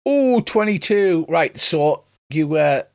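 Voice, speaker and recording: A man running a tabletop game as game master, chatty and relaxed, pausing and correcting himself as he gives rulings. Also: a little high, creaky, clean tone, no echo, studio quality. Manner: relaxed, chatty, stops and restarts as he rules.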